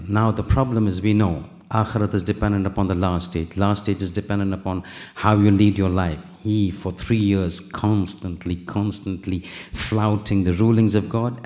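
A man's voice: on the low side, warm tone. A man preaching a sermon, telling a story with acted dialogue, rising to emphatic peaks.

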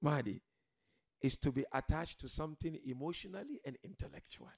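A man preaching a religious sermon to a seated gathering, emphatic, swinging from loud declarations to quiet murmurs and addressing the listeners directly. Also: on the high side, fairly quick. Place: gathering hall with a seated audience.

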